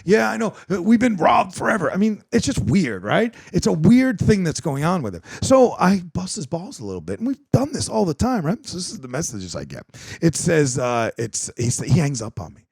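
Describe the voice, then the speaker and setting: A man hosting a podcast, telling a story in a profane, animated way and acting out both sides of the quoted conversations. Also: on the high side, fairly quick, gravelly, hardly any pauses, husky, dry recording. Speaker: podcast host. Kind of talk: casual chat.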